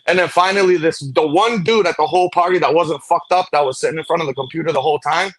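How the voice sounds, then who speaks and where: A man, telling a profane story fast in casual late-night chat and acting out the people in it. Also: on the high side, fairly bright tone, slight background noise. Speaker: host.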